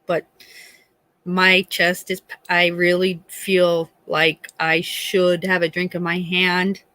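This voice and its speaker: A woman's voice: lowish voice, flat delivery, takes it slowly, bright, forceful tone, no room sound. A woman in her forties chatting casually on a live stream, telling stories as a mother and acting out the voices of the people she quotes. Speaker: livestream host.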